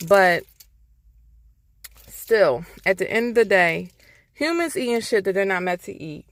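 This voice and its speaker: A woman's voice: medium pitch, expressive, a little slow, fairly bright tone, no echo. A woman vlogger in a heated, profane casual rant, getting worked up as she talks. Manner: profane, exasperated, heated ranting. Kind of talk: casual ranting monologue.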